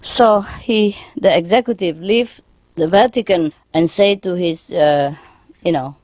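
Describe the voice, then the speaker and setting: A woman's voice: fairly low pitch, unhurried, a little mellow, dry recording. A woman telling jokes in a lecture, often chuckling and asking the audience questions. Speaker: spiritual teacher lecturing an audience. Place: lecture hall in Paris.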